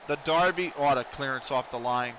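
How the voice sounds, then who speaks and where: A man's voice: mid-range voice, moderate pace, a bit bright, a little hiss or hum. A man live-streaming a football management game, rambling in casual banter between play-by-play calls of the action. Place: lives in the United States. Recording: dull lo-fi stream audio.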